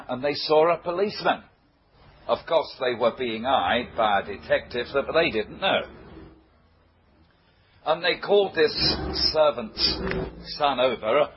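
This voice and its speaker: An older man, preaching a sermon and telling anecdotes with frequent chuckles. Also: medium pitch. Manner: slow, chuckling storyteller. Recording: muffled old recording with faint hiss.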